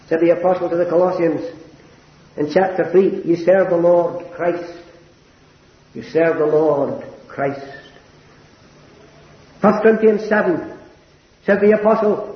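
An elderly preacher delivers a sermon in a fairly high voice, earnest and building to impassioned peaks. The recording is roomy and dull, with a lo-fi, echoing feel. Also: male voice, unhurried, pauses often. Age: older.

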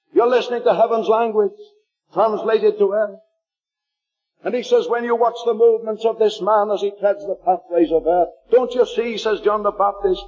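Man with a Liverpool accent, preacher, fervent sermon, high husky voice, dull lo-fi recording. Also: a little mellow. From Liverpool, England. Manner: slows to read scripture aloud, fervent.

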